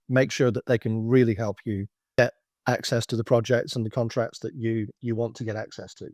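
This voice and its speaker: A man's voice: mid-range voice, level tone, a little fast, darkish tone, no echo. Man explaining with dry clarity. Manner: explanatory, anecdotal, frequent restarts. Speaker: business consultant guest. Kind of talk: slide-based business presentation.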